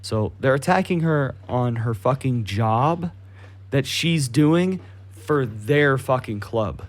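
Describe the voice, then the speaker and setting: Speaking slowly with lively intonation, this young man co-hosts a casual podcast at a typical middle pitch. His rants are heated and full of swearing, punctuated by mocking impressions that poke fun at whoever he's targeting.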